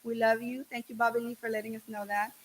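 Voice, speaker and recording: A woman hosting a podcast, bubbly and quick to exclaim as she greets viewers by name. Her voice sits fairly high. The talk is loose, friendly chat. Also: level tone, a little hiss or hum, poor audio. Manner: bubbly, exclamatory, giving shout-outs. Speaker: podcast host. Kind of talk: casual chat.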